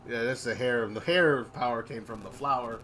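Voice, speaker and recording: A man's voice: medium pitch, moderate pace, bright, forceful tone, a little hiss or hum. A young man chatting casually on a live stream, joking around and drifting into mock voices. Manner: jokey, breaks into silly sung bits and mock voices. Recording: music playing behind the voice.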